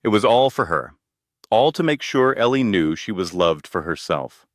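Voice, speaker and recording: Male narrator for a scripted drama story: low register, steady dramatic reading, dry close mic. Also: normal speed, no room sound.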